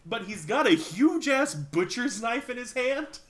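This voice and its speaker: A man's voice: very high voice, sing-song, unhurried, a bit bright. A man running a tabletop game as game master, narrating loosely, with fillers and frequent laughter. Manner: laughs often, rambling with fillers.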